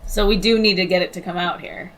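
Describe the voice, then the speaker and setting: A woman's voice: fairly low pitch, quick pace, far from the mic. A woman playing a tabletop game, planning plainly with her party. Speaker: player.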